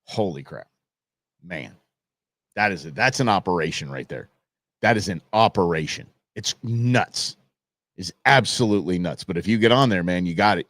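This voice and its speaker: A man hosts a live show from a home studio, chatting freely and laughing as he reads comments from the chat. His voice sits fairly low but bounces all over the place. The sound is close and dry. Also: animated, moderate pace, a bit bright, no room sound. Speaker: livestream host. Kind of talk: casual live-stream chat.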